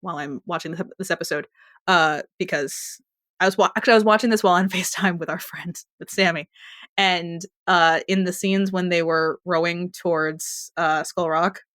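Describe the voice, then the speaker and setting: Podcast co-host, woman, lower pitch, chatty and rambling, dry close sound. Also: fairly even intonation, moderate pace, a bit bright, dry recording. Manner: chatty, rambling with restarts and laughs. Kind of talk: casual TV recap chat.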